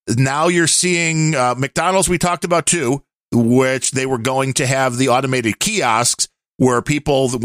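A middle-aged man co-hosting a podcast, chatting casually and rambling a little, quick to laugh. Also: mid-range voice, fairly bright tone, no echo, studio quality. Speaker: podcast co-host. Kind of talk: casual chat.

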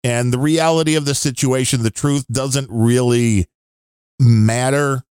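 A man's voice: mid-range voice, steady tone, a little slow, darkish tone, clean tone, no echo, studio quality. A man co-hosting a podcast, rambling and grumbling through his opinions in casual chat. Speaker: podcast co-host.

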